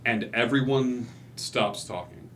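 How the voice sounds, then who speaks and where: A man's voice: medium pitch, takes it slowly, slight background noise. A man narrating as game master in a tabletop game, talking casually with many fillers. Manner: loose, filler-heavy narration that builds to loud excitement.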